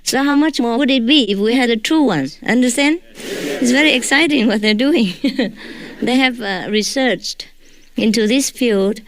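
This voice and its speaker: A woman's voice: on the high side, a little slow, dry recording. A woman who is not a native English speaker gives an informal, joking talk to her followers as a spiritual teacher. She often tags her sentences with a questioning "huh?".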